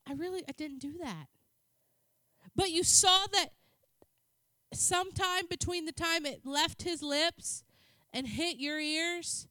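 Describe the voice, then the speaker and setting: A woman preaches to her congregation in a chatty, joking way. Her voice sits very high and sounds bright and sharp. The sound is dry and close, with little room echo. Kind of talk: sermon. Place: church.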